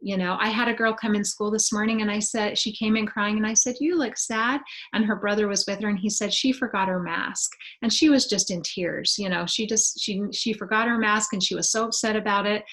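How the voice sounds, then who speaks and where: A woman presenting a webinar over a video call, explaining in a relaxed, conversational way with many fillers. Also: mid-range voice, brisk, hardly any pauses. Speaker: webinar presenter on student well-being.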